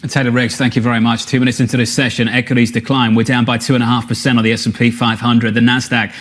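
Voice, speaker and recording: A man anchoring live financial news, giving a brisk, punchy rundown of the markets. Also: medium pitch, flat delivery, a bit bright.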